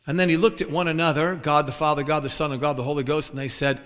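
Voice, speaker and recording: A man's voice: a little high, fast, few pauses. A man preaching a sermon, telling humorous stories and acting out scenes, with chuckles along the way. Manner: animated, acts out scenes and chuckles at his own stories. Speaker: traveling preacher. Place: large church sanctuary. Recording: long reverb of a large church.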